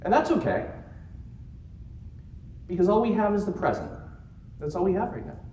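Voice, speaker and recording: A man giving a keynote talk to a live audience, telling stories in an animated way and joking along the way. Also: high-pitched, normal speed, slight background noise. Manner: animated storytelling with jokes. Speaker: keynote speaker. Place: conference room. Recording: roomy conference room sound.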